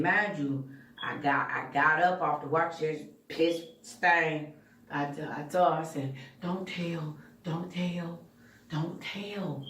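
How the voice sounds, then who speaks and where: A woman speaks candidly and bluntly about her own past, dropping profanity without hesitation. Her voice sits at a middling pitch. It is recorded from a distance in a reverberant room. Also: fairly bright tone. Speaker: channel host. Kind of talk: personal storytelling. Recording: echoey room, voice far from mic.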